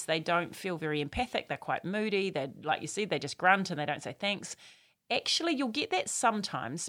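A woman talks through an idea in an animated, chatty way. She laughs easily and slips into quick acted-out quotes as she explains. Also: mid-range voice. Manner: lively, laughs often, acts out quotes. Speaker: parenting expert guest. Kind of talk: explanatory chat.

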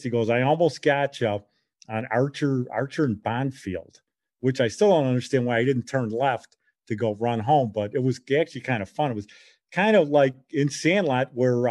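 Middle-aged man, casual animated storyteller, dry close recording. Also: medium pitch, no room sound. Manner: animated, acts out quoted voices.

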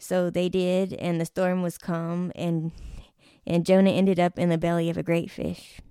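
A woman hosting a casual faith conversation with her mother. She tells stories in an animated way and laughs often. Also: lowish voice, measured pace, clear, resonant tone, no echo, studio quality. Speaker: host interviewing her mother.

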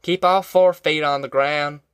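Practical young farmhand, read by a male narrator; easygoing drawl, a touch higher than the narrator, dry close recording. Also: steady tone, a little slow, fairly bright tone, clean tone, no room sound. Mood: steady. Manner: drawling rural dialect. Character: young adult male farm worker, steady and practical.

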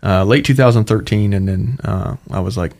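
With a fairly low, darkish voice and vocal fry, this young man from Ohio, a Marine guest, relates his story at a moderate pace. The delivery is casual and chatty, peppered with fillers like "you know" and "right."

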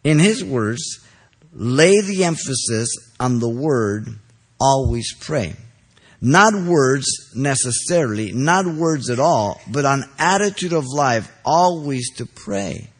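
A man preaching an expository sermon, stressing key phrases loudly and then dropping low, pausing to ask listeners if they are following. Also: animated, slightly rough. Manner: asks the congregation checking questions.

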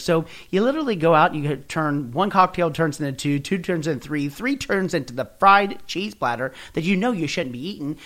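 Animated man telling a story. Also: high-pitched. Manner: animated storytelling with quick acted quotes. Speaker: podcast host. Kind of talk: casual motivational talk.

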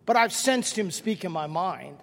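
Older male pastor, high voice, reverberant hall. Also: normal speed, gravelly. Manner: animated storytelling with self-deprecating humor; directly addresses the congregation. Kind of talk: sermon.

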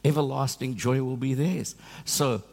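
A preacher delivers a lively sermon, jumping from funny stories about himself to scripture. His voice carries a long reverb from a large church hall. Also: medium pitch, a little slow, gravelly. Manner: animated storytelling with self-deprecating humor.

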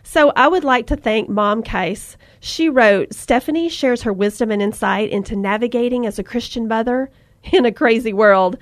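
A woman's voice: a little high, moderate pace, dry recording. A woman hosting a faith-based podcast, chatting and speaking encouragement with emotion. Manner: warm, emotional, preaching encouragement. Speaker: podcast host.

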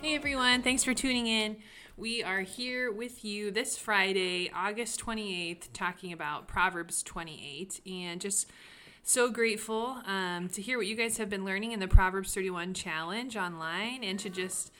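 A woman's voice: medium pitch, unhurried, fairly bright tone. Grateful woman podcast co-host, faint music. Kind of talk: casual devotional chat.

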